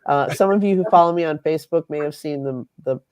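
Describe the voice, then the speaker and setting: A woman's voice: low-pitched, fast, a little mellow, dry recording. A woman journalist on a talk panel, telling sarcastic stories in a wry, dry manner. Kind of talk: casual panel chat.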